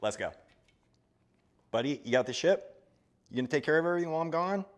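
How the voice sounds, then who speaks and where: A chatty, jokey man from Florida talks through a casual gardening live stream and chats with his cat along the way. His pitch rises and falls a lot as he talks, and he sounds relaxed and playful. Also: quick pace.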